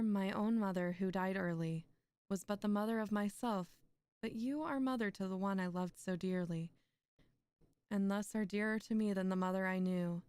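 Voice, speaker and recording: Smooth-voiced young woman reading poetry. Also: mid-range voice, darkish tone, no echo. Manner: chatty, laughs often between poems. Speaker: streamer reading poetry aloud. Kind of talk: poetry reading with casual chat asides.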